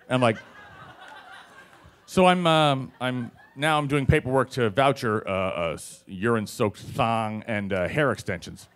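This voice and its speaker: A man telling a personal story on stage to a live audience, animated and conversational, with plenty of fillers and swearing. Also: mid-range voice, a little fast.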